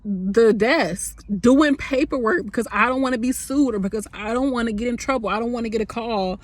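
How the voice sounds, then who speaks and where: A woman's voice: fairly high pitch, fairly quick. A woman in her thirties, a nurse, talking candidly and emotionally to her phone camera in a rambling, casual way. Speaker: nurse vlogger.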